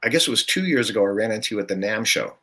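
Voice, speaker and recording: An older man with a low, deep voice that still rings bright and forceful. He chats easily as a guest on a podcast, telling stories about gigs and laughing often along the way. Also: lively intonation, racing, husky. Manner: chatty, storytelling, laughs often. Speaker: guest musician. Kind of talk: casual podcast chat.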